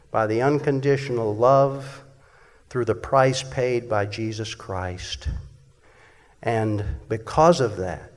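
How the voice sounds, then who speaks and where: A man preaching a sermon emphatically, swinging between loud passages and hushed ones. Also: medium pitch. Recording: echoey hall.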